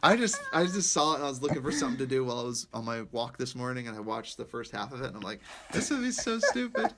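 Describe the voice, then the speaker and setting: A young man co-hosting a podcast, chatting casually and excitedly about movies, rambling and laughing often. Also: medium pitch, rapid-fire, slight background noise. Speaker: podcast co-host.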